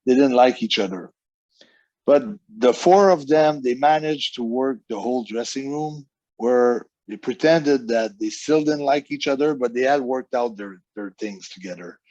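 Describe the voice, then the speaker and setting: A man's voice: medium pitch, normal speed, darkish tone, no echo, highs cut off. A man, a wrestling guest telling long rambling stories in a casual interview, acting out the people he quotes. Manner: rambling anecdotes with quoted voices.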